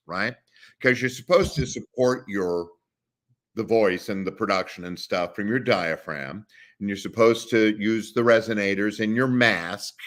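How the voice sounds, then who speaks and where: A middle-aged man, a voice actor guest, chatting casually and animatedly in an interview, sometimes dropping into growls to demonstrate. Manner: animated storyteller, drops into deep growls to demonstrate.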